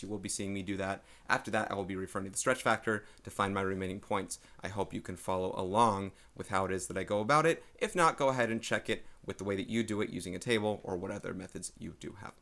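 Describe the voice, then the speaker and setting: A man's voice: on the low side, quick pace, few pauses, a bit bright. A man, a math teacher, explaining a lesson step by step to his students.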